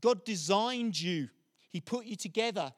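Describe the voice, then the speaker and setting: A man's voice: sits high, expressive, measured pace. A middle-aged man preaching a sermon, telling stories with frequent restarts and repeated words.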